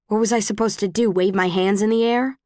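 A woman reading the lines of a guarded young male leader in an audiobook, in a low, clipped, flat way. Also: a little fast, no echo, studio quality, close to an everyday voice. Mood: curt.

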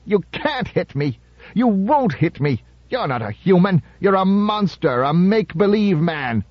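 A male reader puts on a frantic thin heckler whose cracked voice jumps high and wild. The sound is a little muffled, like an older audiobook recording. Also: expressive, measured pace, husky, no room sound, heavily acted. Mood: taunting, wild.

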